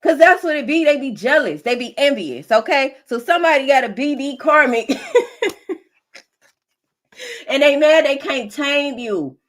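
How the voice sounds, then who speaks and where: A woman's voice: high voice, expressive, a little slow, long pauses. A woman giving an emphatic, preachy collective tarot reading, laughing often. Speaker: tarot reader.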